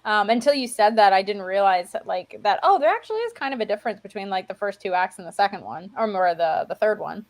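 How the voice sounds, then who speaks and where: A woman's voice: mid-range voice, animated, quick pace, few pauses. A woman guest on a casual film podcast, speaking bluntly and opinionatedly with jokes. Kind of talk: casual film review chat.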